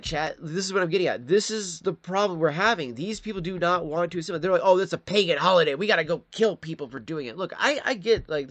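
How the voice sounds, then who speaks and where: A man's voice: a little high, fairly bright tone, no echo. A man from Michigan ranting in a live-stream commentary, profane and rambling, talking straight to his chat. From Michigan, USA.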